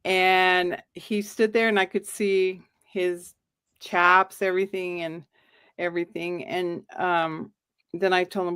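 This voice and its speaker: A woman's voice: on the low side, slow pace, smooth, no room sound, studio quality. A middle-aged woman telling a personal ghost story, acting out the lines she quotes. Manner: animated, acts out quoted lines. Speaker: guest storyteller.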